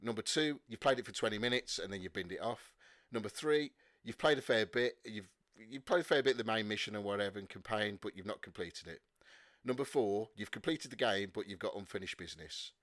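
A man hosting a casual podcast, explaining rules briskly with fillers and jokes. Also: fairly low pitch, a bit bright, dry recording, studio quality. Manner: jokey, brisk rule-explaining with frequent fillers. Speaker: podcast host.

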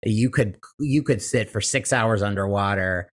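Podcast co-host, male, fairly low voice, chatty recap style. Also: measured pace. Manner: chatty, retells scenes with quoted voices. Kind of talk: casual chat recapping a TV episode.

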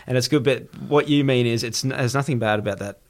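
Animated man telling stories. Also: medium pitch, fast talker. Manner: animated storyteller who acts out quotes. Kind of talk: casual chat.

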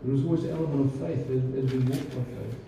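A pastor delivers a sermon conversationally, full of fillers and restarts. His medium-pitched voice is creaky and mellow, with fairly even intonation and a fast pace. The church recording is distant, roomy and dull, with a little hiss or hum.

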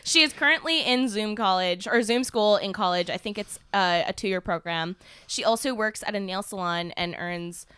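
A woman's voice: mid-range voice, moderate pace, pushed and bright, clear, resonant tone, no room sound. A young woman co-hosting a podcast, chatting casually and laughing often while laying out listener dilemmas. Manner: giggly, chatty, reads listener scenarios. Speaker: podcast co-host. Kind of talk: casual chat.

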